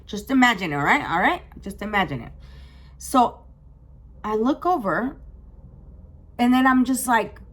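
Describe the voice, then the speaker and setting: A young woman telling a storytime vlog in casual chat, animated and full of restarts. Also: a little high, unhurried, pauses often. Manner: animated, with dramatic gasps and frequent restarts. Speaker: vlogger.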